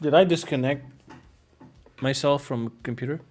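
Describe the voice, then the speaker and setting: A man's voice: medium pitch, normal speed, a little mellow, soft background music. A man from Ukraine streaming live, chatting casually with viewers, cracking jokes, swearing and laughing at himself. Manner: joking, swearing, laughing at his own jokes. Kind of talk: casual live-stream chat reacting to clips.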